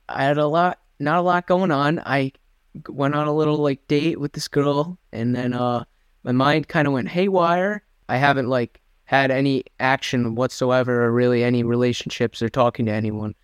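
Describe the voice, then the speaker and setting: A man's voice: mid-range voice, clear, resonant tone, no echo, clean studio sound. A young man co-hosting a podcast, telling a rambling, self-deprecating story in casual chat. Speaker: podcast co-host.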